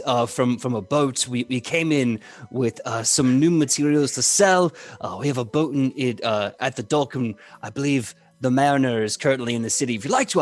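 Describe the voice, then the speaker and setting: A man's voice: medium pitch, lightly acted. A man voicing a friendly, unsure sailor who hesitates a lot in a tabletop game. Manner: halting, lots of ums and restarts.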